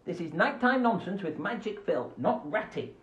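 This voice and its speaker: Man, children's host, goofy, lively pitch, roomy lo-fi phone sound. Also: normal speed. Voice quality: playful, silly, goofy. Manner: animated, jumps between voices and asides. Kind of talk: live-streamed kids' show. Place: at home beside a window. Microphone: phone camera.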